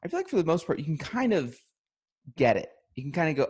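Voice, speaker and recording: Animated man telling a story on a podcast. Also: a little high, quick pace, slightly rough. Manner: animated storyteller, laughs often. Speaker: podcast co-host. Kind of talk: casual chat.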